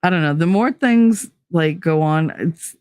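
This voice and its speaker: A woman's voice: on the low side, unhurried, darkish tone, smooth, dry recording, clean studio sound. A woman with a New Jersey accent hosting a livestream, chatting casually with viewers in a blunt, profane, rambling way. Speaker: livestream host. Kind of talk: casual chat with live viewers.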